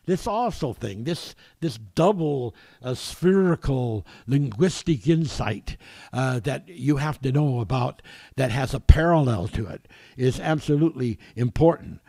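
A man preaching a sermon, halting and repeating words, growing forceful when reading scripture. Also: mid-range voice, expressive, gravelly, no echo.

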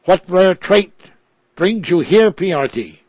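A man's voice: sits high, slow pace, creaky, dry recording, lo-fi sound, pitched above the performer's own voice, exaggerated voice. A man voicing an arrogant male robot that taunts and challenges its maker in a spoken religious story. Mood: taunting.

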